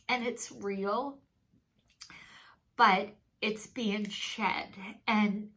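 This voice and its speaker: Slow, earnest woman giving a spiritual card reading. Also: medium pitch, fairly even intonation, pushed and bright. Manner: slow, earnest and consoling, with many pauses. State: tearful. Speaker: tarot and oracle card reader.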